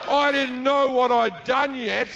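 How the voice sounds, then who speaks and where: A man's voice: very high-pitched, measured pace, creaky, a bit bright. A man with an Australian accent doing stand-up, telling a crude, profane story and acting out the people in it. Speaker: stand-up comedian. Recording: dull lo-fi live recording with noise.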